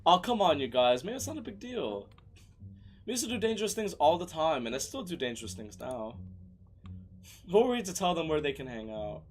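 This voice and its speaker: Animated, excitable young male streamer. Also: high voice, fairly quick, a little hiss or hum. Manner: excitable, profane, breaks into shouted rants. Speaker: gaming streamer. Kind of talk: let's play commentary.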